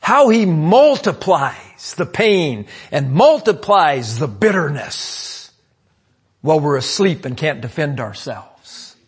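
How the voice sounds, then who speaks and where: Husky guy preaching, keeps asking amen?, booming then dropping way low, kinda high voice. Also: very animated, slow. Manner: preaching with call-and-response "amen?" to the congregation; swings from loud emphatic lines to low asides. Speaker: pastor. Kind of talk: sermon.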